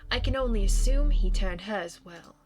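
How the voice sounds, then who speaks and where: A woman voicing a refined, sad female vampire ghost as she reads a game's dialogue aloud in a soft, formal, melancholy way. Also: medium pitch, lively intonation, normal speed, natural voice. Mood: wistful. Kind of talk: reading game dialogue aloud.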